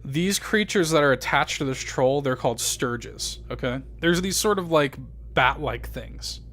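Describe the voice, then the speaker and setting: A man's voice: a little high, lively intonation, a little slow, fairly bright tone. A man running a tabletop game as game master, narrating loosely with many fillers and casual swearing.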